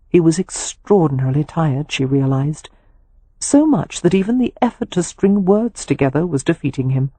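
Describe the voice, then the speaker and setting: A woman narrating a romance audiobook in a measured, expressive reading. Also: deep voice, husky, no room sound. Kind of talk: scripted narration of a romance novel.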